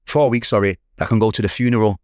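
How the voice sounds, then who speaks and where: A middle-aged man with a Mancunian accent rattles through a personal story at speed, slipping into the voices of people he quotes. His voice sits a little low, recorded close and dry with no room sound. He talks in quick, loose street slang. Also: darkish tone, dry recording. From England. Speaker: podcast guest. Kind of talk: emotional storytelling.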